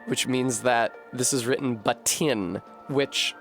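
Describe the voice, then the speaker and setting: A man streaming a game, thinking out loud in a rambling way, swearing freely and running himself down. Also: medium pitch, lively intonation, unhurried, faint music behind. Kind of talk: casual live-stream commentary.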